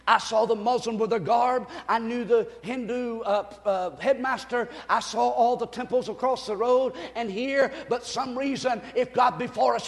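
An older man preaching a sermon with exuberant energy, whooping, laughing and shouting at the peaks. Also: very high-pitched, big-room sound. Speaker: pastor.

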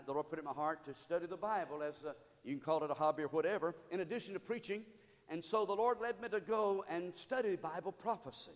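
A pastor preaching a sermon in a church, building from storytelling to loud call-and-response exhortation. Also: male voice, on the high side, big-room sound. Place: church sanctuary.

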